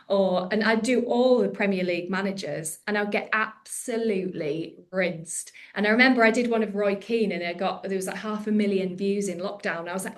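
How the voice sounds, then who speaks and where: This is a woman comedian in her thirties on a casual podcast. She is chatty and self-mocking, and her voice sits at an ordinary middle pitch. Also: moderate pace, hardly any pauses. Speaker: comedian guest.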